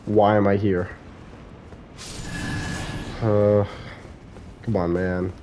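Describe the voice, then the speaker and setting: Foul-mouthed man yelling at game enemies. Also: lowish voice, little pitch movement, drawn-out words, pauses often, a little hiss or hum. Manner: swears heavily, shouts at enemies, then mutters to himself. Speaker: gaming streamer. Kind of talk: live gameplay commentary. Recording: game music behind voice. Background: game music.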